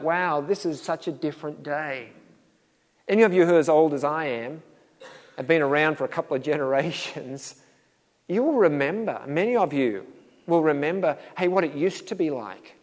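A man's voice: a little high, in a large hall. A middle-aged man preaching a sermon in a conversational way, acting out little dialogues with a chuckle. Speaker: pastor.

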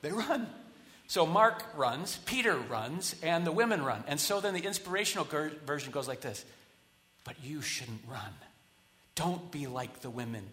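A man preaching a sermon as pastor, talking casually, with quiet asides and loud rallying builds. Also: a little high, animated, moderate pace. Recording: long hall reverb.

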